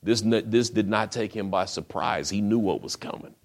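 Low-voiced male preacher, casual storyteller who asks his listeners questions. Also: moderate pace. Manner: storytelling, rhetorical questions, casual modern phrasing. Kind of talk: sermon.

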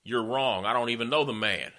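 A man's voice: mid-range voice, brisk, pushed and bright. A man voicing a frightened adult man who bluntly denies knowing his friend, in a retold sermon story. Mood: insistent.

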